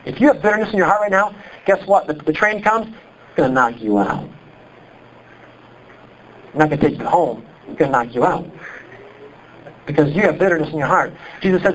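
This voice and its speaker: A pastor from Iowa with a Midwestern accent, preaching a sermon in an animated, conversational way full of rhetorical questions. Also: male voice, a little high, fairly quick, pauses often, muffled recording, slight background noise. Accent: Midwestern American.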